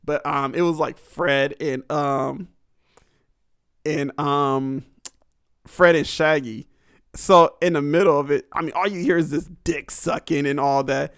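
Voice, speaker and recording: Young male podcast host, slightly high voice, crude rambling delivery with frequent laughs, dry close sound. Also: steady tone, unhurried, fairly bright tone, clean tone, no echo. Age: young adult. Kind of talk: casual podcast monologue.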